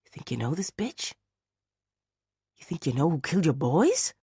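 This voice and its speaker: A man's voice: on the high side, sing-song, normal speed, warm tone, slightly rough, dry recording, studio quality, pitched above the performer's own voice, full character voice. A man voicing a blunt, coarse-spoken woman describing a stranger. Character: blunt young woman, Christy.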